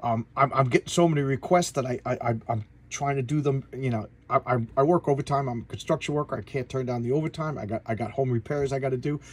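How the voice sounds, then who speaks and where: Male host, casual review vlog; husky, eager, tumbling and repetitive delivery. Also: medium pitch, quick pace, hardly any pauses. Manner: excitable, gushing, repeats words. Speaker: comic book channel host. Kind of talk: casual comic book review.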